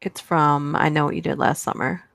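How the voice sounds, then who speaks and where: Give me a woman with a low voice hosting a casual livestream, chatting playfully with her viewers. She laughs often and keeps an easy, teasing tone. The recording is dry and close, with no room echo. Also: fairly even intonation, normal speed, vocal fry, a bit bright. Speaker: livestream host. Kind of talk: casual live chat, reading movie quotes aloud.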